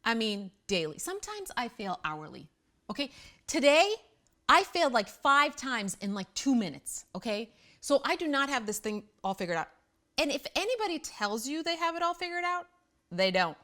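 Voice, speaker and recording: A middle-aged woman hosting a parenting show, talking casually and bluntly straight to the camera, quick to poke fun at herself. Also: high-pitched, very animated, fairly bright tone. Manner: blunt, self-deprecating, chatty. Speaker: parenting host.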